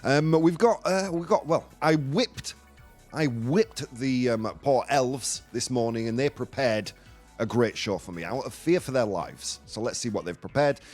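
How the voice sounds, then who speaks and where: A man's voice: medium pitch, a little slow, a little mellow, soft background music. A man hosting a casual live morning show, joking playfully and dropping in Spanish phrases. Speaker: radio show host.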